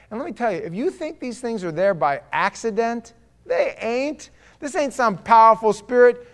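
Emphatic New York-accented preacher. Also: male voice, very animated, moderate pace. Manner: emphatic, swings between loud punches and low asides. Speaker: pastor. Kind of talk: conversational sermon with storytelling.

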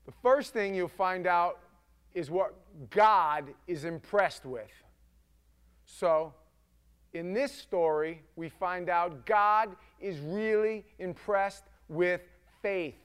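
Male pastor, high voice, animated conversational sermon delivery. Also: slow, smooth. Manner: animated, acts out quotes, conversational.

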